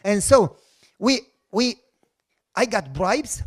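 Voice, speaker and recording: A man's voice: high voice, slow pace, husky. A middle-aged man with a Romanian accent, a pastor telling a personal testimony in a sermon, acting out the voices in the story. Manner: animated storyteller who acts out voices.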